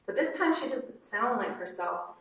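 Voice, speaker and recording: A woman presenting at a conference, reading a short story aloud in a measured, unhurried way and then commenting on it. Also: medium pitch, expressive, a bit bright. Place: conference room. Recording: roomy hall from far off.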